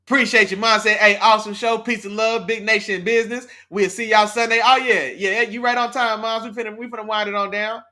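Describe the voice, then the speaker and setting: Man, high voice, bright tone, live sports talk host, hype slangy chat. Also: a little fast, few pauses. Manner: animated, hype, repeats slang tags like "man" and "big dog". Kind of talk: casual live-stream chat, reading the chat.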